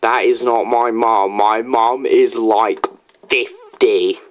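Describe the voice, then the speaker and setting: A teenage boy reviewing a video game, talking casually and reacting to another video with quick, animated asides. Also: on the low side, a little hiss or hum.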